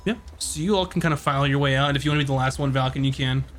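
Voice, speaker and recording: A man's voice: medium pitch, racing, fairly bright tone, slight background noise. Easygoing man running a tabletop game. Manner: casual, easygoing narration. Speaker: game master.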